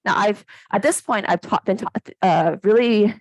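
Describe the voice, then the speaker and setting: A woman in her thirties lectures in a conversational, energetic way, tagging her points with quick questions to the room. Her voice sits at a middle pitch and sounds dry and close. She swings up and down as she makes each point. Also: dry recording, low-quality recording. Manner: animated, conversational, keeps asking "right?". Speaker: academic workshop presenter. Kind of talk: casual lecture.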